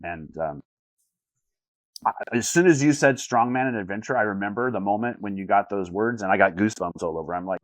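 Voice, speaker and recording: A man's voice: fairly low pitch, a little fast, dry recording, rough recording. A man talking as a life coach on a video call, earnest, often repeating words as he searches for the phrasing. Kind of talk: casual coaching talk over a call.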